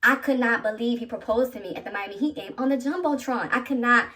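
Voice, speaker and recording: A woman's voice: on the high side, fast talker. Chatty woman in her thirties, slightly distant. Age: 30s. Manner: animated, chatty, addresses viewers directly. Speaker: vlogger. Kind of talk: personal storytelling to camera.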